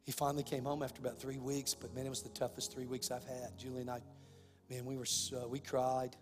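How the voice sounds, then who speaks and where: A man preaching a sermon as pastor, impassioned, swinging between hushed, heavy passages and loud, driving ones. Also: mid-range voice, flat delivery, brisk, long reverb tail, faint music behind.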